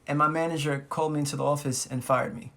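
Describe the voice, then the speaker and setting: A man's voice: fairly high pitch, steady tone, fast talker, vocal fry, fairly bright tone. A man voicing his young girlfriend as she makes flustered, pleading excuses in a storytime video. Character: lying young girlfriend, defensive. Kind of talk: storytime impression.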